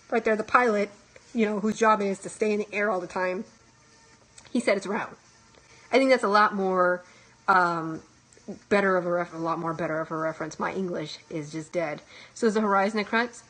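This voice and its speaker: A young woman chatting casually and comically on a live stream, reading and answering audience comments and laughing often. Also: mid-range voice. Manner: joking, animated, laughs often. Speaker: vlogger reacting to audience chat.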